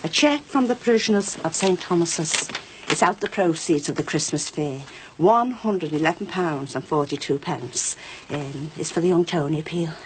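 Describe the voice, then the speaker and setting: A woman playing a brisk, tart parish woman. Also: low voice, noisy background, lightly acted. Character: brisk church-going woman delivering a cheque. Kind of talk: TV soap drama acting.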